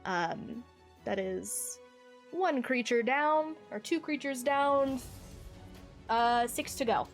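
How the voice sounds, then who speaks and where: A woman's voice: a little high, slow, soft background music. A woman narrating as game master of a tabletop game, hesitant and full of fillers.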